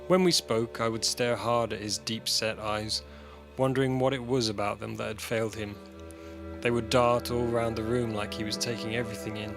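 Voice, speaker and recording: A man's voice: lowish voice, fairly even intonation, moderate pace. A man reading a personal short story aloud in a dry, matter-of-fact way. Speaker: story reader. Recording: music bed under voice.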